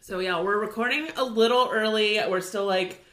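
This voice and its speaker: Bright-voiced Californian woman chatting. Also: mid-range voice, normal speed. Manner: chatty, says "like" often. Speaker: podcast co-host. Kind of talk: casual chat.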